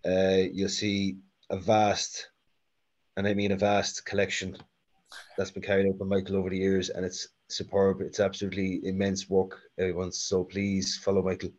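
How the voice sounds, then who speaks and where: A man with an Irish Carlow accent who hosts an online talk and reads out audience questions. He speaks haltingly, with many fillers. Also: sits low, completely flat delivery, a little mellow, muffled recording. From Ireland. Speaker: host reading audience questions.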